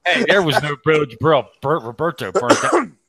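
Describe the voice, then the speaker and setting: A man hosting a casual online radio panel, steering the chat in a relaxed way with casual swearing. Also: a little high, normal speed, a crowd in the background, low-quality recording.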